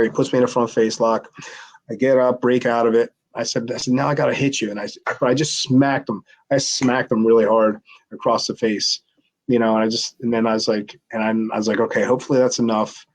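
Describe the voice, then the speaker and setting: A middle-aged former wrestler telling a long backstage story in a casual interview, rambling with many restarts and acted-out quotes. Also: male voice, mid-range voice, rough recording. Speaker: former pro wrestler, guest.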